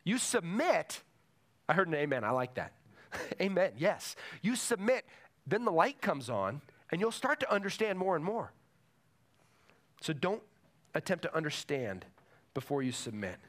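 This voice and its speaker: A man's voice: on the high side, very animated, measured pace, pauses often, a bit bright. A man preaching a sermon to a congregation in a church, emphatic and repeating his key phrases. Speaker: pastor.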